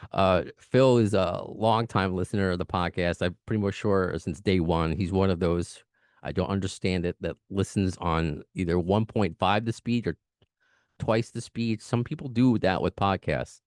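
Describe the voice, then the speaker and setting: Deep-voiced New podcast host. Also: male voice, a little mellow, dry recording, studio quality. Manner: fast talking, chatty, laughs often. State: recovering from lost voice. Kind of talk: casual podcast chat.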